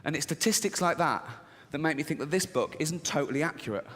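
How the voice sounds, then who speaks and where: Animated male stand-up comic in a hall. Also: on the high side, fast. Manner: animated, profane, acts out characters. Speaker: stand-up comedian. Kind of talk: stand-up comedy set. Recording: reverberant hall with faint ambience.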